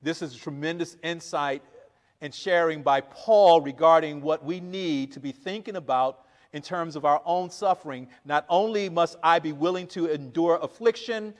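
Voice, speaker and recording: A man's voice: on the high side, moderate pace, in a large hall. A man preaching a sermon to his congregation, reading scripture aloud and acting out the quoted lines with chuckles. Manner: animated, acts out quoted lines with laughs.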